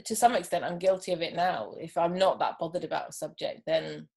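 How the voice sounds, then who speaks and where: A woman with a lowish voice speaks as an interview guest in a relaxed conversation. She talks in an unhurried, thoughtful way and often pauses on an um. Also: creaky. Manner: thoughtful, unhurried, with frequent ums. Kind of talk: casual chat.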